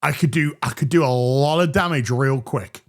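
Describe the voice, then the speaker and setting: A man's voice: mid-range voice, moderate pace. A man hosting a TV review show, ranting sarcastically with crude jokes and stammered restarts. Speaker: host reviewing a TV episode.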